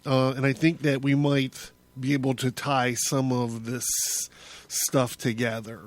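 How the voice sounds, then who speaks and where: Man, podcast host, casual solo monologue, rambling, restarts often, mid-pitched voice. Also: level tone, a little slow, no echo. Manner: rambling, with many restarts and chuckles.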